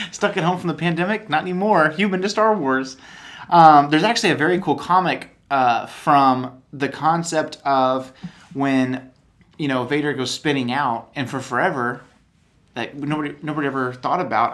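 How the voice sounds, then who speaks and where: A man co-hosting a casual podcast chat, an animated storyteller who acts out quotes, with a tired voice. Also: a little high, moderate pace. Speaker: podcast co-host.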